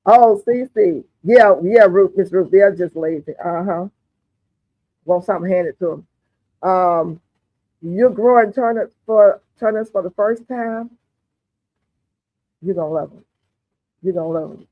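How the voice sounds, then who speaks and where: A woman's voice: medium pitch, measured pace, long pauses. A woman hosts a gardening livestream, chatting with viewers in a folksy way and calling them honey and darling. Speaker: gardening channel host. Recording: tinny phone-like audio, dry.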